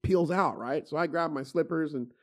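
A man's voice: a little high, moderate pace. A middle-aged man telling stories in casual chat, swearing freely and restarting his sentences with repeated words. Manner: profane, animated, many stammered restarts.

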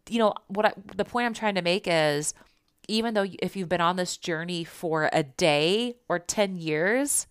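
Low, smooth-voiced woman sharing spiritual stories. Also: dry recording, studio quality. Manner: conversational, earnest, reassuring. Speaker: spiritual teacher. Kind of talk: personal storytelling and spiritual guidance.

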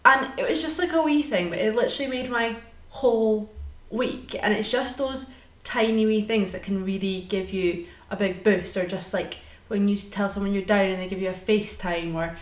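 A woman's voice: mid-range voice, normal speed. Teasing woman, roomy echo. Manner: chatty, teasing. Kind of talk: casual chat.

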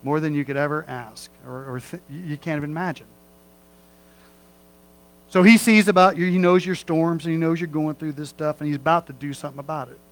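Folksy preaching man, slightly high voice. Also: a little fast, slight background noise, low-quality recording. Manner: folksy, conversational preaching with asides and humor. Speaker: pastor. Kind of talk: sermon.

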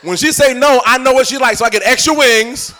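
A man's voice: extremely high pitch, fairly quick, sharp tone. A middle-aged man preaching a live sermon in church, joking with and coaxing the congregation.

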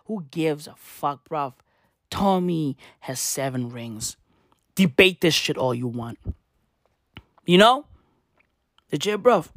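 A man's voice: fairly high pitch, animated, a little slow, pauses often, fairly bright tone, no room sound, studio quality. A man ranting comedically and profanely, full of slang and repeated rhetorical questions. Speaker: vlogger. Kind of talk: comedic rant. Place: in South Africa.

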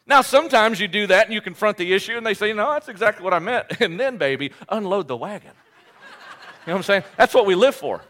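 A male pastor preaching a sermon, animated and joking at his own expense, often restarting his phrases. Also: high voice. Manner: animated, joking, self-deprecating, with quick restarts.

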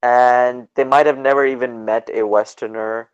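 A man from Canada, a podcast guest, telling stories in a casual, animated way and acting out the people he quotes. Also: medium pitch, normal speed, clean tone. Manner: animated, acts out dialogue in quoted voices, laughs often. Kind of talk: casual storytelling in a podcast interview. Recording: dull lo-fi podcast audio.

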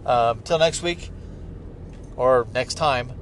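A man's voice: mid-range voice, takes it slowly. Middle-aged man rambling from a car. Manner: profane, rambling, joking. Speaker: podcast host. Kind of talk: casual rambling monologue. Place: inside a moving car. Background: car and traffic noise.

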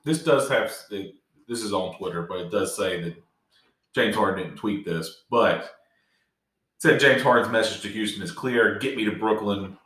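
A man's voice: on the low side, moderate pace, fairly bright tone, echoey room, far from the mic, low-quality recording. A man co-hosting a casual sports chat in a laid-back, conversational way.

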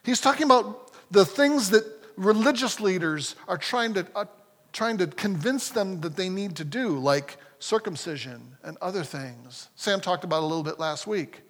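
A man preaching a sermon as a pastor, talking in a lively, conversational way with frequent restarts. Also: high voice, moderate pace. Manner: animated, conversational, self-correcting. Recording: long hall reverb.

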